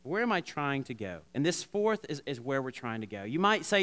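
A man preaching a sermon, talking straight to the congregation with lots of restarts and animated asides. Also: medium pitch, a little fast, hardly any pauses. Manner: animated, repetitive restarts, addresses congregation directly. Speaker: pastor.

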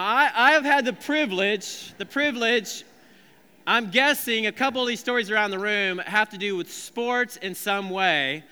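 A male pastor giving a lively, joking, conversational sermon in a church sanctuary. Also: high-pitched, clean tone. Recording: long reverb of a large hall.

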